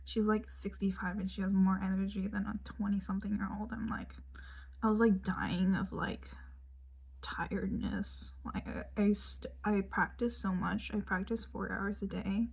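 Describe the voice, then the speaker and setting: A woman's voice: mid-range voice, steady tone, moderate pace, vocal fry, slightly rough. A young woman telling a rambling casual story, full of fillers and dropping into whispered asides while she does her makeup. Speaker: vlogger.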